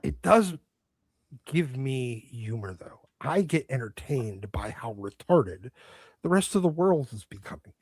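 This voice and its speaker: A man's voice: mid-range voice, sing-song, unhurried, darkish tone, no room sound. A man on a podcast panel, making darkly sardonic jokes. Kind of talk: casual panel chat.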